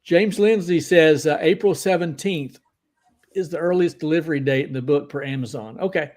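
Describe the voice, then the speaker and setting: A man's voice: a little high, normal speed, darkish tone. A man co-hosting a casual live stream, upbeat as he reads out viewer comments and gives short opinions. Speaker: podcast co-host.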